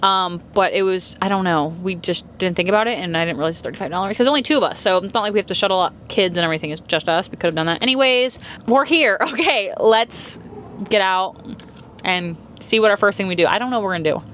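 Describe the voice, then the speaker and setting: A woman's voice: on the low side, fast, fairly bright tone. Chatty hyper woman vlogging on the go. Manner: chatty, hyper, giving tips. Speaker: travel vlogger. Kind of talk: casual vlog narration. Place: outdoors and on a busy cruise ship. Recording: noisy background ambience.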